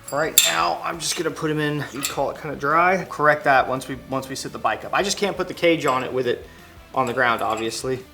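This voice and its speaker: A man's voice: mid-range voice, a little fast, gravelly, over music. Chatty man in an echoey garage. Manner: chatty, self-correcting, laughs at himself. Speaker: motorcycle vlogger. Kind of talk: casual workshop how-to. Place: garage workshop.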